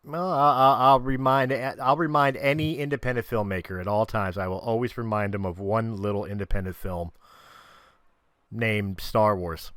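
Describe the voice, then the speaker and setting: A man's voice: lowish voice, normal speed, a bit bright, dry recording, clean studio sound. Encouraging male podcast host. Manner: encouraging, brief affirming replies. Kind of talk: casual interview chat.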